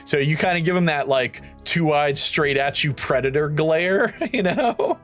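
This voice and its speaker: Laid-back laughing game master, lively pitch. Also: male voice, measured pace, faint music behind. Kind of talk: narrating a tabletop game.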